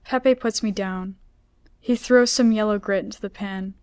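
A woman author reading her own story aloud in a measured, unhurried way. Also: mid-range voice, steady tone, darkish tone, no room sound. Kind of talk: literary reading.

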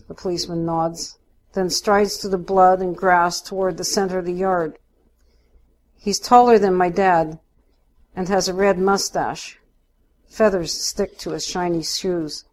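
A woman narrating a first-person story in a steady, unhurried way. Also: fairly low pitch.

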